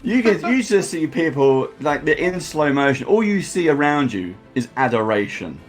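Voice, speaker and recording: A man's voice: on the high side, very animated, moderate pace, faint music behind. A man narrating as game master, acting out crowd noises and sound effects.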